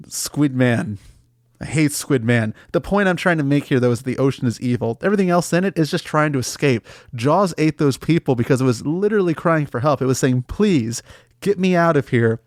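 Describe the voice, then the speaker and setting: A man hosting a comedy podcast, delivering an absurd mock-serious monologue that jumps in pitch and breaks into awkward laughter. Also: no room sound, studio quality.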